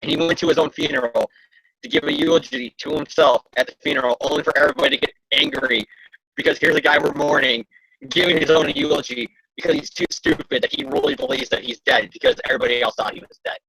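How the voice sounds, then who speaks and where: A man co-hosts a casual podcast in a high, very lively voice. His tone is bright but gravelly and husky. He jokes constantly and laughs easily. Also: low-quality recording. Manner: joking, animated, quick to laugh. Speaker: podcast co-host.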